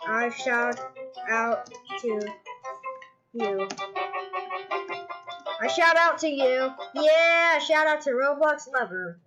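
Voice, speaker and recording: Bright, lively high-voiced woman gamer. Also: extremely slow, long pauses, lo-fi sound, faint music behind. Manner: giggly, playful, shrieks when startled. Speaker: gamer recording gameplay with friends. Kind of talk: excited gameplay chat.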